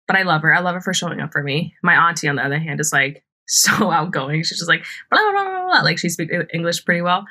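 A woman's voice: deep voice, steady tone, fast talker, hardly any pauses, sharp tone. A young woman hosting a podcast, telling a personal story casually, full of fillers, frequent laughs and free swearing. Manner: chatty, filler-heavy, swears freely, laughs often. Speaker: podcast host.

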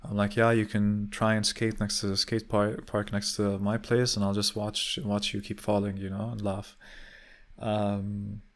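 A man's voice: on the low side, completely flat delivery, a little slow. A young man casually telling a personal story, rambling with many fillers and restarts and casual swearing. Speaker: vlogger.

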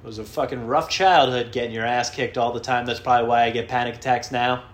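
A man telling rambling, profane stories in a casual comedic monologue, often mimicking people in high squeaky voices. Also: steady tone, fast talker. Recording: echoey room, faint background.

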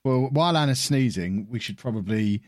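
A man's voice: mid-range voice, expressive, a little fast, no room sound, clean studio sound. A man hosting a gaming podcast, chatting casually with joking, self-deprecating banter. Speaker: podcast host. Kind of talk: casual chat.

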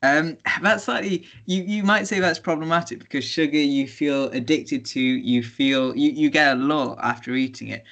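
A man's voice: fairly high pitch, moderate pace, creaky, hardly any pauses, fairly bright tone. A young man co-hosting a casual podcast chat, talking in a thoughtful, easygoing way. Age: young adult. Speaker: podcast co-host.

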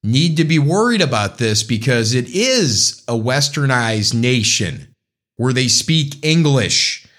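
Speaking slowly with medium pitch, this American man sounds animated and a bit bright. He hosts a podcast, wandering through an offhand political monologue aimed straight at his audience, often stopping to correct himself.

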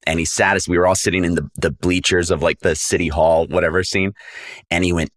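A young man, an actor guest on a podcast, telling stories in a casual, animated way, full of fillers and acting out the people he quotes. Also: sits low, brisk. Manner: animated storyteller, acts out quoted voices, many fillers.

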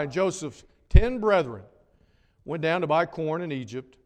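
A man preaching a sermon, swinging between loud emphatic lines and hushed, drawn-out words. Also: on the high side, lively intonation. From North Carolina. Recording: long reverb of a large hall.

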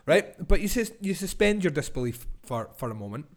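A man hosting a podcast, cursing, laughing and building into loud film-review tirades. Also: a little high, very animated, brisk. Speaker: podcast host. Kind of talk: casual film-review rant.

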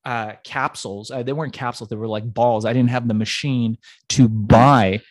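A man's voice: mid-range voice, normal speed, dry recording, studio quality. A middle-aged man from Iran telling his story as a podcast guest, acting out the people he met along the way. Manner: animated storyteller who acts out the people in his stories. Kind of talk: storytelling in a conversational interview.

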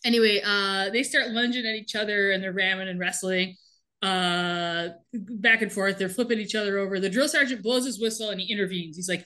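A podcast co-host, female and medium-pitched, speaks a little fast while casually recapping a TV episode. Animated throughout, she laughs frequently as she talks.

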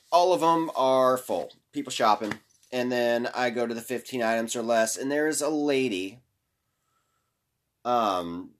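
Rambling, cursing man with a slow drawl. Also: medium pitch. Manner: rambling, cursing, self-interrupting. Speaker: podcast host. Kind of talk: casual chat.

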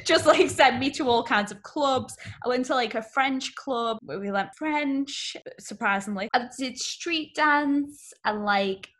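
A young actress, a guest on a podcast, talking in a chatty, self-deprecating way and laughing often. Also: female voice, sits high, measured pace, few pauses, fairly bright tone. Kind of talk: casual podcast interview.

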